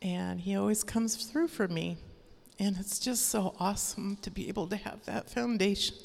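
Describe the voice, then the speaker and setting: A woman sharing an earnest, animated personal testimony as a praise report at a church gathering. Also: mid-range voice, moderate pace, vocal fry. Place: church hall. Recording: long reverb of a hall.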